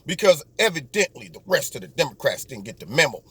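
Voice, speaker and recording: A man talks through a political commentary monologue on his own show. His voice sits a bit higher than most men's, and his delivery is sarcastic, often breaking into mocking impressions. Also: sing-song, fast talker, few pauses, fairly bright tone, husky. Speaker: host.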